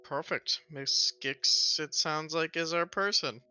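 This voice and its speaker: A man's voice: a little high, takes it slowly, pushed and bright, soft background music. A man playing a tabletop game, thinking aloud and steering the group decisively. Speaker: player.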